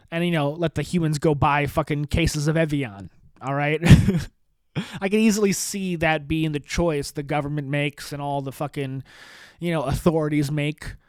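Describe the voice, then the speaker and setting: A man hosts his own podcast alone, slightly high in pitch and recorded close and dry. He rants in a loose, sarcastic and profane way, mocking what he talks about. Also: clear, resonant tone, dry recording. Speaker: podcast host. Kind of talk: solo sarcastic commentary.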